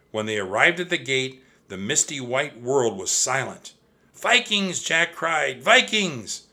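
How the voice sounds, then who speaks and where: A man narrating a children's storybook in an expressive, steady reading style. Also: medium pitch. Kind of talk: audiobook storytelling.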